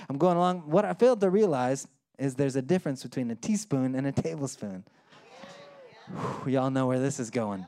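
High-voiced man preaching. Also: a little fast. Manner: animated, acts out voices in his story. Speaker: pastor. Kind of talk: sermon with storytelling.

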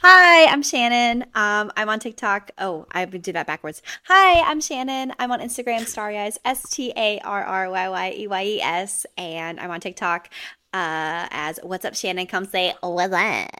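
Bright playful young woman co-host. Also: medium pitch, lively intonation, moderate pace, clear, resonant tone. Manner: playful, giggly. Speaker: podcast co-host. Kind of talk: casual podcast chat.

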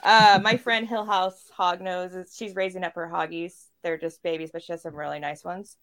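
A woman's voice: lowish voice, steady tone, moderate pace, fairly bright tone. A woman co-hosting a casual chat, talkative and laughing often. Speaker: podcast co-host.

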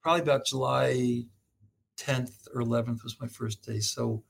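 A man's voice: mid-range voice, steady tone, moderate pace, gravelly, slightly rough. A man talking as a guest professor on an interview show, telling stories animatedly and laughing often. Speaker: guest, medical school professor. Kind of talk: storytelling interview talk.

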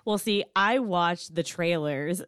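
A woman's voice: fairly low pitch, takes it slowly, a bit bright, clear, resonant tone, dry recording, clean studio sound. A married woman talking frankly about a movie in casual chat, swearing and laughing easily. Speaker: co-host.

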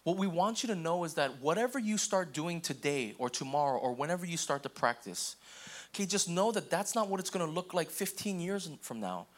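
A young man preaching a sermon in an easygoing, conversational way, often checking in with the congregation and acting out quick voices. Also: a little high, lively intonation. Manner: casual, repeats okay and restarts, acts out quoted voices. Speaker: pastor.

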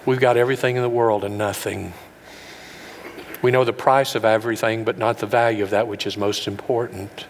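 A man preaching a sermon as pastor, folksy and earnest, building up to loud, high peaks. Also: steady tone, a little fast, long reverb tail, a little hiss or hum. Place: large room with an audience.

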